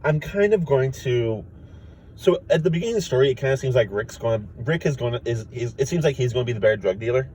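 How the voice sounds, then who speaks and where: A young man casually pitching a story idea, rambling with lots of fillers and restarts. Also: expressive, quick pace, darkish tone, slight background noise, poor audio. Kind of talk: casual chat.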